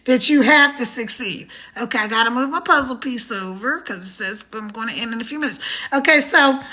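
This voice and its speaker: A middle-aged woman hosting a live stream, giving an energetic, motivational pitch straight to her viewers. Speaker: live-stream host promoting a program.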